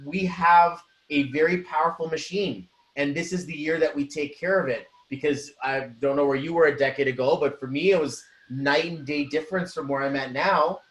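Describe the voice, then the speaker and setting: A man co-hosting a spiritual business talk, speaking with animated motivational energy. His voice sits a little high for a man. The room around him gives a noticeable echo. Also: normal speed, hardly any pauses. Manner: energetic, acts out quoted voices. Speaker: co-host. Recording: roomy echo.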